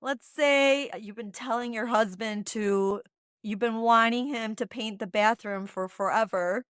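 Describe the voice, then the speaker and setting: A woman's voice: fairly high pitch, measured pace, clean tone, no room sound, clean studio sound. A woman hosting a podcast, chatting in a bubbly, encouraging way and teaching short Spanish phrases. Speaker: podcast host. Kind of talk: casual chat.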